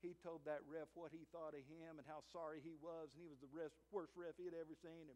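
A man's voice: a little high, steady tone, fast, few pauses, a little mellow. A pastor with a Southern US accent preaching to his church, telling folksy stories and often repeating a word as he starts a sentence. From United States. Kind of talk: sermon. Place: church sanctuary.

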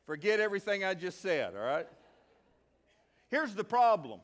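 A man in middle age preaches, and his voice sits high. He is animated, throws questions at the congregation, and slips into the voices of the people in the story. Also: normal speed. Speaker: pastor. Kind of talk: sermon.

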